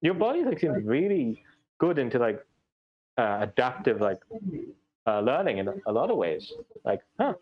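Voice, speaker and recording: A man's voice: medium pitch, very animated, moderate pace, long pauses. A man narrating a tabletop game as game master, rambling with many fillers. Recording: dull lo-fi stream audio.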